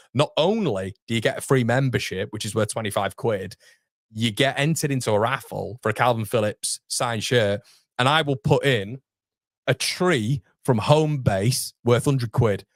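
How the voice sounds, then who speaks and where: A man's voice: medium pitch, animated, moderate pace, dry recording, clean studio sound. A young man, hosting a casual livestream and chatting through viewer comments with self-deprecating asides. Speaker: host. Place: home streaming studio.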